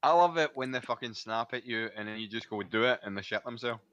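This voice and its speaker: A man's voice: mid-range voice, quick pace, fairly bright tone, no room sound, lo-fi sound. A man co-hosting a casual podcast, telling stories with lots of swearing. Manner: crude, swearing, storytelling. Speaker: podcast co-host.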